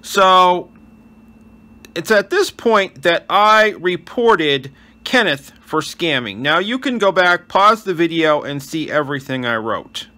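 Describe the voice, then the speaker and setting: A man's voice: fairly high pitch, animated, slow pace, bright, forceful tone. A male channel host giving earnest voice-over commentary on gameplay and reading chat aloud. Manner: wishes viewers a blessed day.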